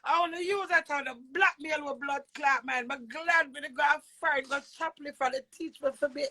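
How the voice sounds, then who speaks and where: A Jamaican woman with a high voice delivers a brash, cursing rant. She swings between loud shouts and low mutters. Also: moderate pace, low-quality recording. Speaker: social media personality.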